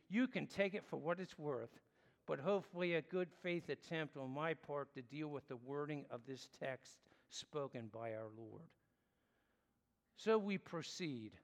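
Man preacher, slightly higher voice, earnest and measured, long hall reverb. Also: vocal fry. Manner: earnest, explanatory, measured pauses. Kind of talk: sermon.

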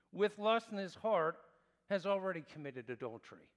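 A pastor preaching a sermon, emphatic, with large swings in pitch and loudness. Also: male voice, lively intonation, moderate pace, big-room sound.

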